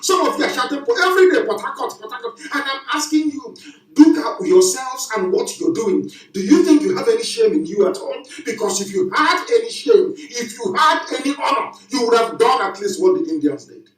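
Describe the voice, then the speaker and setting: A man's voice: very high-pitched, sing-song, moderate pace. Impassioned man preaching in an echoey room. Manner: preaching, emphatic and repetitive, with rhetorical questions. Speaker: broadcaster. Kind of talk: impassioned live broadcast address. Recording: echoey, distant from the mic.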